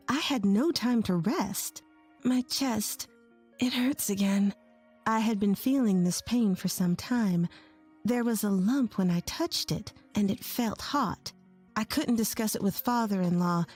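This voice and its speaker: A woman narrating a first-person story in a plain, measured scripted way. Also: mid-range voice, darkish tone. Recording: faint music bed under the voice.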